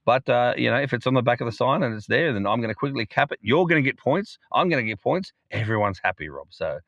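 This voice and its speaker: A cheery, chatty man co-hosting a podcast, his voice going a little hoarse. He speaks at a middling pitch in a dry, close room with no echo. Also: lively intonation, quick pace, a bit bright, dull audio. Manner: upbeat, chatty, laughs often. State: losing his voice. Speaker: podcast co-host. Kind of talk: casual podcast chat.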